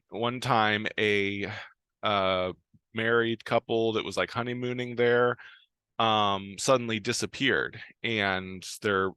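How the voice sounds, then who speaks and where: A man's voice: on the low side, fairly bright tone, clear, resonant tone, no echo. An American man casually recapping a TV episode, rambling with lots of fillers and restarts and frequent chuckles. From United States. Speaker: video host.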